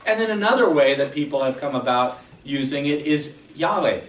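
A man's voice: on the high side, expressive, brisk, fairly bright tone, roomy sound, far from the mic, rough recording. A man preaching a sermon as a pastor, explaining patiently and often checking in with "okay?". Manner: explanatory teaching, frequent "okay?" check-ins. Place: church sanctuary.

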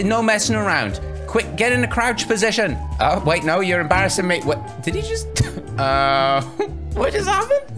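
An excitable man from Wales commentates on a game, laughing and calling out to the characters on screen. His pitch swings widely, and it often shoots up sharply. Game music plays clearly behind him. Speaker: gaming YouTuber.

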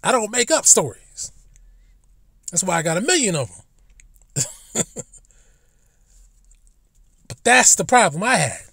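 Blunt, profane man ranting, high voice. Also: sing-song, slow, gravelly, long pauses, bright, forceful tone, breathy edge, no room sound, studio quality. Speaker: vlogger. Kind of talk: casual ranting monologue. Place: in a car.

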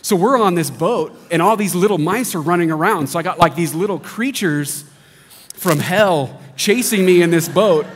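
A man in his thirties preaching a sermon, telling funny stories in a lively, animated way. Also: high voice, normal speed, husky. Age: 30s. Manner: lively joking storyteller, animated. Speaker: pastor. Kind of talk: sermon with humorous storytelling. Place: large church hall. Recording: long hall reverb.

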